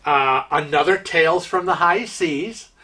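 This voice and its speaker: A man hosts a cruise vlog with a bright, sharp-edged voice. He tells his story as an exasperated rant, firing off rhetorical questions. His speech is loose and full of fillers and restarts. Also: a little high, measured pace. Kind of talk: storytelling monologue.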